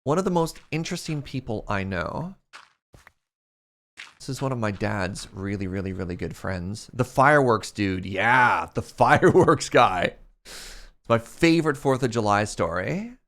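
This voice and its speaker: A man in his thirties streaming a game and chatting casually with his viewers. He tells stories in a very animated way, his pitch swinging widely, and he breaks into laughter often. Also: unhurried. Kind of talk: casual storytelling while gaming.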